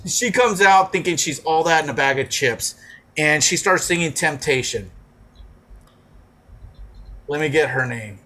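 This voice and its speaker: A man casually telling a profane story on a talk show, acting out shouting crowds along the way. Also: fairly high pitch, expressive, a little slow, long pauses. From moved to Arizona as an adult. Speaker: podcast co-host telling a story.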